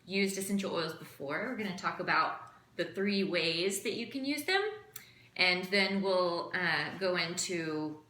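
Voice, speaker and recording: A woman teaching an impromptu class in a casual chatty way, full of fillers and quick asides. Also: on the low side, lively intonation, sharp tone, echoey room. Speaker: essential oil class teacher. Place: room with background noise.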